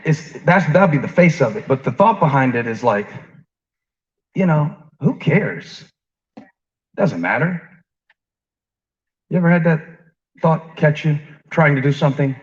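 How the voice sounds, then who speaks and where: Here a man with a fairly high voice preaches in a chatty style at normal speed, pulling his congregation in with jokes and questions before going quiet and building back up. The sound is muffled, dull and lo-fi.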